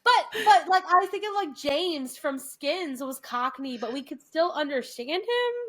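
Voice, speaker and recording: A woman's voice: high voice, lively intonation, a little slow. A young woman co-hosting a podcast, chatting casually and retelling scenes with playful impressions. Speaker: podcast co-host. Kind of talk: casual chat.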